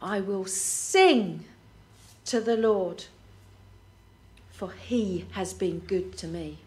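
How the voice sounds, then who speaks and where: A woman reads scripture aloud, taking each phrase at a very slow, deliberate pace. Her voice sits at an ordinary middle pitch and stays steady and measured. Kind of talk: scripture reading.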